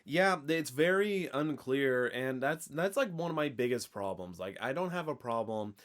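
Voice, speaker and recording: A man's voice: medium pitch, lively intonation, moderate pace. Rambling man in casual podcast chat. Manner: rambling, with many fillers and restarts. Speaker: podcast co-host, horror fan.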